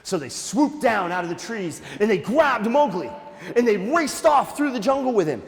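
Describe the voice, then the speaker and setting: Animated male storyteller for kids. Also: sits high, moderate pace, in a large hall, a faint crowd, slight background noise. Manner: animated, playful, addresses the kids. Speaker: nature museum educator. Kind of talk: storytelling to children.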